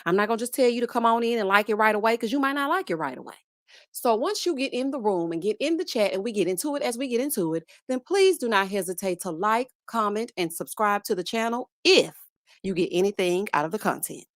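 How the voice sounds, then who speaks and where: A woman hosting a live-streamed reality TV review, lively and chatty, calling out "child" and "honey" as she greets viewers by name. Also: mid-range voice, fast, no echo, studio quality. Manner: sassy, says "child" and "honey". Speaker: host.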